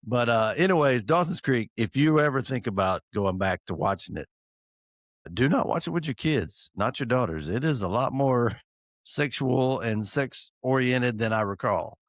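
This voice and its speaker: Joking middle-aged man, lively voice. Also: medium pitch, normal speed, no echo, clean studio sound. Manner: joking, teasing, laughs often. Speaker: podcast co-host. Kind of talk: casual chat.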